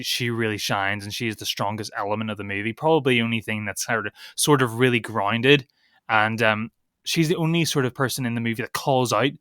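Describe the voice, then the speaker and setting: Bright, crisp Northern Irish young man. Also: mid-range voice, dry recording, studio quality. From Northern Ireland. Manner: opinionated, animated film critique. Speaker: podcast co-host. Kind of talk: casual film podcast chat.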